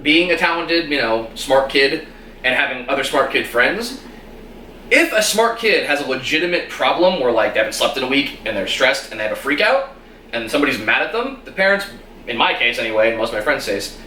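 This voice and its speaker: A man's voice: medium pitch, brisk, slight background noise. A man chatting casually as co-host, animatedly recapping a TV episode. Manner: animated, retells scenes in quoted voices. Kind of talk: casual chat. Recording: roomy echo, distant mic.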